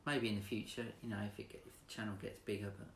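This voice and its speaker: A woman's voice: a bass voice, fairly even intonation, very fast, roomy sound, slight background noise. A woman, a YouTube vlogger, chatting in a laid-back way with dry teasing asides. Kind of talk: casual chat answering a tag.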